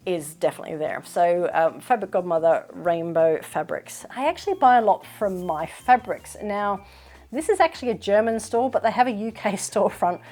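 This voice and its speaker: A woman sewing vlogger chatting casually to camera in a Q&A, thoughtful and relaxed with the odd filler. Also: medium pitch, normal speed.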